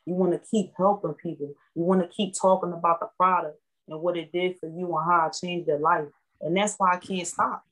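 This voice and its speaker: Woman guest, lowish voice, heartfelt and emotional, repeats for emphasis. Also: brisk, poor audio. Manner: heartfelt, animated, repetitive emphasis. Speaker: guest, network marketing member. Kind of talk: emotional testimonial.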